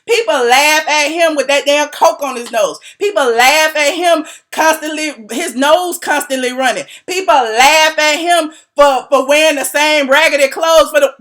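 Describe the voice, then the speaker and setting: A woman's voice: high-pitched, a bit bright. A woman vlogger giving sassy, casual gossip commentary, repeating herself for emphasis and laughing between lines. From Atlanta, US. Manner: sassy, repetitive, laughing asides.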